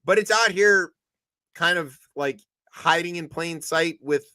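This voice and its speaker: A somewhat high-voiced man co-hosts a comedic news show. He talks loosely and animatedly, slipping into mocking quoted voices. The recording is dry and close, with no room sound. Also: measured pace, bright, forceful tone, no echo. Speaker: co-host. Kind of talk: casual comedic news chat.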